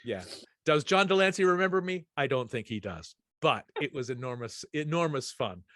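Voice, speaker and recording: A man's voice: a little high, animated, moderate pace, a bit bright, no room sound, studio quality. A middle-aged man hosting a casual chat, telling a rambling, anecdotal story full of restarts. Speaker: host.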